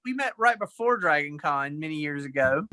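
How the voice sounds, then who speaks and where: A man with a bright, forceful voice talks as a guest over a remote call. He tells his story easygoing and rambling, and often starts his sentences over. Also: fairly high pitch, lively intonation, moderate pace, no echo. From United States. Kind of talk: casual storytelling in an interview.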